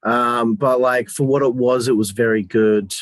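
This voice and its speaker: A man's voice: medium pitch, fairly even intonation, moderate pace, no echo. A man co-hosting a casual review chat, talking in a rambling, hesitant way and swearing casually. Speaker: podcast co-host.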